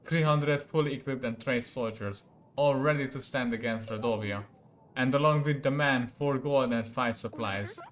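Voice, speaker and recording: A Hungarian-accented man voicing a scheming male noble lord who is offering a marriage deal, reading deliberately. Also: mid-range voice, lightly acted. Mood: persuasive.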